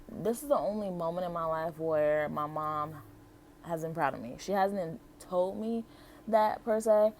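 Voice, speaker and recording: A woman's voice: deep voice, slight background noise. A woman in her thirties from the United States, telling her personal story to camera in a chatty, heartfelt way full of "like" and "um". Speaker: vlogger.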